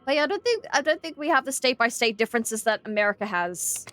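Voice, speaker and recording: A young Australian woman streaming a horror game, chatting excitedly with her viewers. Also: a little high, fast, soft background music. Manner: chatty, excitable, greets chat. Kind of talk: casual gameplay stream chat.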